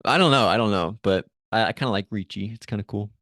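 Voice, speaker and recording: A man's voice: on the low side, fast talker, fairly bright tone, no echo, clean studio sound. A man co-hosting a podcast in casual chat, easygoing and a little hesitant. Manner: easygoing, hesitant, laughs often. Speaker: podcast co-host.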